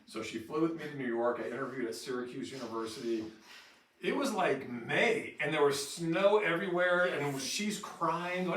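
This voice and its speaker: Animated male trainer in an echoey room. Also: fairly high pitch, moderate pace, a crowd in the background. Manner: animated storyteller who acts out quotes with laughter. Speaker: staff trainer. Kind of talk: in-service training talk. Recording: roomy echo from far off, faint noise.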